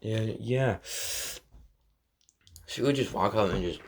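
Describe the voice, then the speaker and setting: A man's voice: on the low side, takes it slowly, breathy edge. A man casually retelling an improvised fan story, rambling with lots of fillers.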